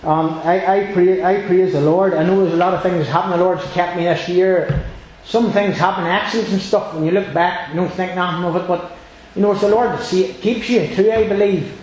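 A church member with a high, slightly mellow voice delivers a heartfelt, meandering testimony, repeating the same phrases over and over in a steady tone and a bit quickly. Strong echo suggests a large meeting room, and faint hiss or hum is audible.

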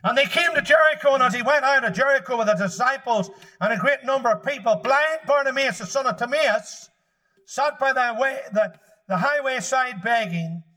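A man preaches with fervour, his voice pitched very high and sharply bright. He leans hard on his points and breaks into shouts when he presses them home. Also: normal speed, rough recording. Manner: fervent, emphatic preaching that rises to shouts. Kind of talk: sermon.

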